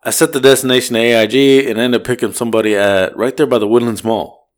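A man's voice: mid-range voice, fast talker. A man telling a long story on a casual podcast, swearing and acting out the voices of the people in it. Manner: animated, swearing, acts out voices in his story. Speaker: podcast co-host.

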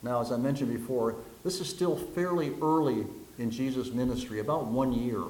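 A man's voice: medium pitch, normal speed, a little mellow. A man preaching a sermon, telling jokes and stories and acting out the voices in them. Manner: folksy storyteller, acts out voices in jokes. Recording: echoey room.

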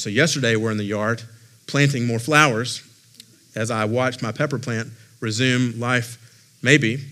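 A lead pastor in his forties preaching a sermon in an expressive, conversational way, with personal stories and self-deprecating humor. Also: medium pitch.

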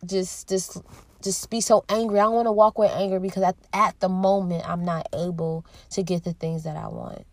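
A woman in her thirties hosting a podcast, talking alone in an earnest, heartfelt way with pauses and restarts. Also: lowish voice, gravelly, darkish tone, no room sound. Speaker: podcast host. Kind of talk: reflective solo monologue.

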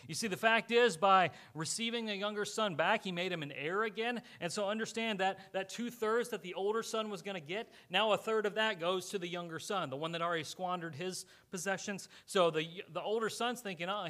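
A male pastor preaching a sermon, telling the story with animated energy and acting out the characters. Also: high voice.

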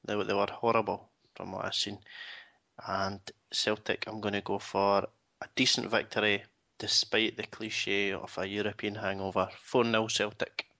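Brisk Scottish man hosting a podcast. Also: fairly low pitch, flat delivery, creaky, pushed and bright. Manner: leads the segment in a brisk, matter-of-fact way. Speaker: podcast host. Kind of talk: casual chat. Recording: dull lo-fi podcast audio.

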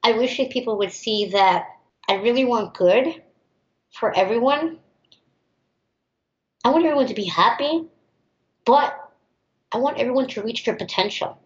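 A woman's voice: fairly high pitch, moderate pace, long pauses. Outspoken woman in a roomy, dull recording. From United States. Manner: outspoken and emphatic, acts out others' voices. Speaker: teacher. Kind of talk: interview answers, personal storytelling.

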